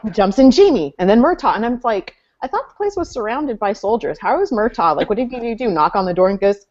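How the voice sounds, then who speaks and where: A woman co-hosts a casual fan chat, joking and laughing as she talks. Her voice sits in a middle pitch. The sound is dull and lo-fi, like an online call. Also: big pitch swings, brisk, few pauses, darkish tone. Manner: chatty, jokey, laughs often. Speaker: podcast co-host.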